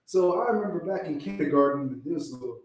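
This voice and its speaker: A man's voice: on the high side, expressive, over music. Distant man in an echoey room. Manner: slow deliberate reading, rambling recollection. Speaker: class member. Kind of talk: reading scripture and casual chat.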